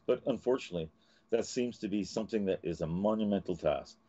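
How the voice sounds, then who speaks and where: A man's voice: fairly low pitch, fast, mellow, highs cut off. A man hosting a live talk show from Canada, ranting and swearing as he gets angry. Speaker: host.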